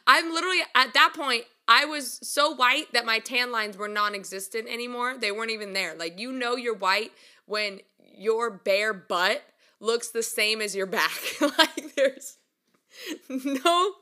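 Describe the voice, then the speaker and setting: Young woman, chatty storyteller, bright tense voice, fairly high, self-mocking. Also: unhurried. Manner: animated, voice jumps up when acting out quotes. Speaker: vlogger. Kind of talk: casual storytelling to camera.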